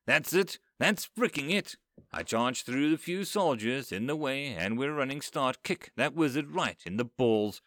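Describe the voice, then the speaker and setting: Lively male storyteller, dry close sound. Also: moderate pace, hardly any pauses, dry recording. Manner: lively storyteller, raising pitch for quoted characters. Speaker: narrator. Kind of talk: first-person story narration with voiced characters.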